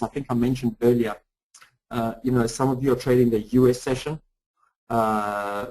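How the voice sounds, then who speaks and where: Guy rushing through a trading webinar, lots of uhs and restarts, middle pitch. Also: a little mellow, low-quality recording. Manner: fast-talking, many fillers and restarts. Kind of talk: live webinar screen-share walkthrough.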